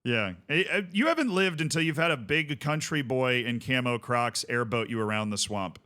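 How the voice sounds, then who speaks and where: A man's voice: mid-range voice, expressive, moderate pace, sharp tone. A man streaming a game, chatting casually with viewers in rambling, jokey asides. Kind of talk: casual gaming stream chat.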